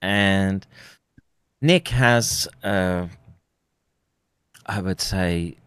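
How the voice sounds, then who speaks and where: A man with a very low voice hosts a loose, casual conversation. He rambles and restarts his sentences often. The sound is dry and close. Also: drawn-out words, a bit bright, clean tone, dry recording. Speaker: podcast host.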